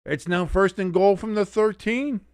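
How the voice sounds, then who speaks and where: A man hosting a sports watch-along stream, giving excitable play-by-play with blunt, profane reactions. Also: high voice, moderate pace, clean tone, no echo, clean studio sound. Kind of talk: casual live sports commentary.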